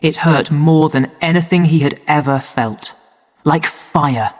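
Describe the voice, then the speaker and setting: Male storyteller, measured and clear, slightly high pitch, recorded with long reverb. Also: steady tone, darkish tone. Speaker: narrator. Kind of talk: story reading for English learners.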